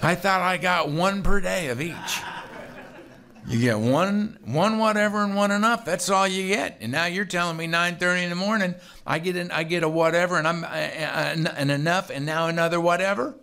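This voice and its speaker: A man giving a personal storytelling talk at a recovery meeting, animated, acting out the conversations he recounts, with a laugh now and then. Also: high-pitched, normal speed. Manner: animated, acts out the dialogue he recounts.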